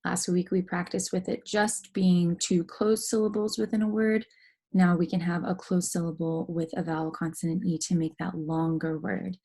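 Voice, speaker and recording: Female teacher for a phonics lesson. Husky, slightly gravelly voice, patient step-by-step explaining. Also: fairly low pitch, steady tone, warm tone. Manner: slow, careful, explaining step by step. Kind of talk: phonics lesson for young students.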